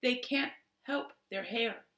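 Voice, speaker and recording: A woman's voice: fairly high pitch, slow, a bit bright, roomy sound, pitched above the performer's own voice. Woman reading as an earnest young girl.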